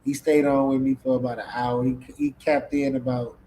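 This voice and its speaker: A man's voice: medium pitch, little pitch movement, moderate pace, dark tone, slight background noise, low-quality recording. A man hosting a casual live-stream podcast in a laid-back way, often repeating his words. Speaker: podcast host.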